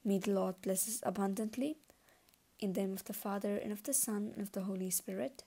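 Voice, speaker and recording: A woman reading scripture aloud at a middle pitch. Her tone is soft and mellow, and she takes each verse in a steady, deliberate way. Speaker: Bible reader.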